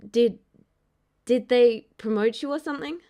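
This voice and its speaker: A woman's voice: a little high, unhurried, close to an everyday voice. A woman doing a nervous young trooper. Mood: earnest. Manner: hesitant, earnest, hushed at times.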